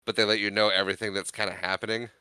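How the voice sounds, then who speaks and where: A man co-hosting a podcast, recapping a movie in casual chat, laughing often and slipping into quick character voices. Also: on the low side, little pitch movement, sharp tone, clean tone, no echo. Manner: chatty, laughs often, does quick character voices while retelling scenes. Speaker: podcast co-host.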